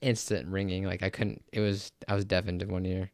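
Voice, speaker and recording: Gravelly young man in laid-back chat. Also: sits low, level tone, fairly quick, a little mellow, no room sound, studio quality. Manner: laid-back, matter-of-fact, short replies. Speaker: podcast co-host. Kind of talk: casual chat.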